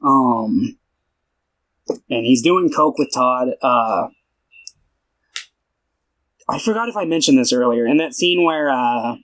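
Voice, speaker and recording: A man on a podcast rambles through a film recap, with plenty of "like" and "uh" as he loses and finds his thread. His voice sits at an ordinary pitch for a man. He keeps it loose and conversational. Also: expressive, slow, pauses often, fairly bright tone, poor audio. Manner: rambling, filler-heavy, lots of "like" and restarts; retells scenes by acting out the characters' lines. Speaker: podcast co-host. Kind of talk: casual film recap chat.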